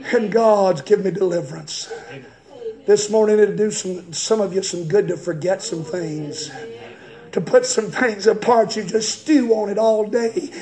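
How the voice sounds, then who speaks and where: A man's voice: high-pitched, a little slow. A man preaching a fervent, folksy sermon. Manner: fervent, folksy storytelling that rises into shouting.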